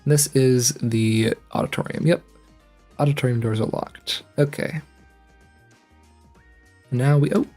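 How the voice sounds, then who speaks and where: A man's voice: medium pitch, slow pace, long pauses, darkish tone, soft background music. A man streaming a video game, chatting casually and laughing at himself while reading the game text aloud. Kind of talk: casual let's-play commentary.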